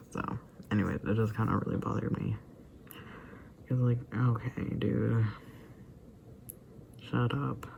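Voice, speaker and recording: A man's voice: fairly low pitch, fairly even intonation, slow pace, vocal fry, pauses often, muffled recording, background noise. A man giving casual, rambling commentary on a video he watched, with lots of fillers and asides that drop almost to a whisper. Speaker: vlogger reacting to a video.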